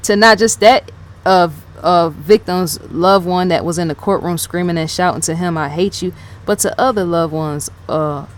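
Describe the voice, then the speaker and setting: A woman's voice: fairly low pitch, moderate pace, slight background noise. Rambling woman talking over her notes. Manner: rambling, stops to reread her notes and repeats herself; fills talk with "yes", "right?" and "in fact". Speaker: channel host. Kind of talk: casual unscripted commentary.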